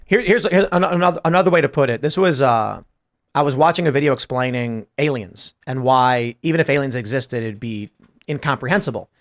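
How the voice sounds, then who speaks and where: A man's voice: mid-range voice, a little fast. A man hosting a casual panel talk show, telling a story and acting out both sides of a conversation. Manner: thinking aloud through abstract ideas. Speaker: podcast host.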